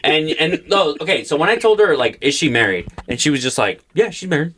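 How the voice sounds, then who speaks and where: Lively, profane young podcast host. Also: male voice, fairly high pitch, fairly quick. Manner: animated, profane, acts out quoted voices. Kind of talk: casual comedic storytelling.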